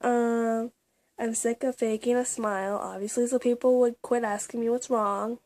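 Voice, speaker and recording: A young woman talks to the camera in a casual, confessional vlog. Her voice sits a little high. She speaks haltingly, with plenty of ums and restarts, and sometimes drops to a whisper. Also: fairly even intonation, a little mellow. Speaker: vlogger.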